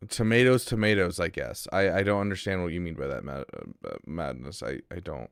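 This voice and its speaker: A man's voice: rumbling low, sing-song, brisk, gravelly, no echo, studio quality. Bemused streamer man bantering with chat. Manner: bemused banter with chat, rising to loud exasperation. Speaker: game streamer. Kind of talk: casual live-stream commentary.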